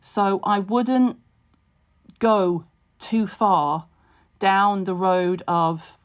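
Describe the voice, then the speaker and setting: A woman in her forties, a skincare expert, talking casually on a live stream from home, blunt and wry with quick asides and jokes. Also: medium pitch.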